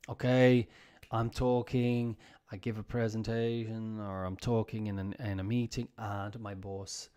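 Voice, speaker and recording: A man's voice: fairly low pitch, level tone, a little slow, warm tone, clean tone. A man giving a casual live lesson, explaining office phrases by acting out what a boss says. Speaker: English teacher.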